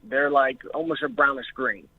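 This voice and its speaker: On the tinny phone line, the young man speaks in a mid-range voice at a moderate pace with no echo. He continues telling the talk show his story, jittery and emotional, with frequent swearing.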